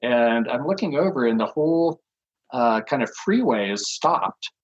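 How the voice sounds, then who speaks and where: A man's voice: mid-range voice, expressive, unhurried, dull audio. A man in his sixties, a podcast guest telling rambling stories with lots of fillers and chuckles. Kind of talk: casual anecdotal storytelling.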